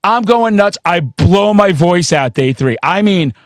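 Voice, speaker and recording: A man in his forties hosting a casual metal chat, loud and intense, telling excitable stories with plenty of swearing. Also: high-pitched, measured pace, no room sound, studio quality. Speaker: podcast host.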